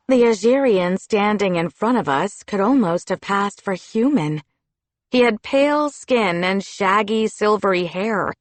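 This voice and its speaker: A woman narrating a children's fantasy audiobook in a steady storytelling delivery. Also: mid-range voice, no echo. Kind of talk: scripted narration.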